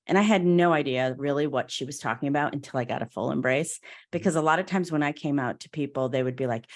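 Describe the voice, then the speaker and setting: Low-voiced middle-aged woman host, chatty. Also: animated, fairly quick. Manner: warm, chatty, often laughs and acts out quoted voices. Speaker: podcast host. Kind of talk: casual conversational interview.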